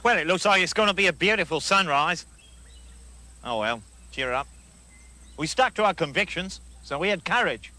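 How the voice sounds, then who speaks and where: A cocky Australian action-movie hero and pitchman in a 1980s comedy sketch. He talks with a bright, forceful edge and a hearty brashness, sitting a touch higher than most men, with a faint hiss under the recording. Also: animated, normal speed, long pauses, heavily acted. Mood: rueful. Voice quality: brash, salesman-like pitchman delivery. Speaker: commercial pitchman.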